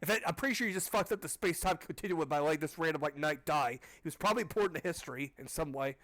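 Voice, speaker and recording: A man's voice: a little high, racing, fairly bright tone, no room sound. A man reading a children's book aloud casually, breaking off for sarcastic, swearing asides. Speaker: audiobook club reader. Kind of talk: casual read-aloud with commentary.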